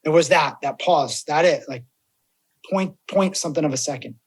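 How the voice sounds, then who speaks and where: A man's voice: a little high, moderate pace, slightly rough. A man, a death doula, chatting casually as a guest and acting out the voices of people he quotes. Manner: animated storyteller, acts out quoted voices. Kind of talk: casual podcast chat.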